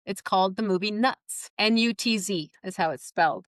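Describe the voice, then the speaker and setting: Middle-aged woman as an interview guest, animated storyteller who acts out quoted voices, mid pitch, dry sound. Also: moderate pace, no room sound.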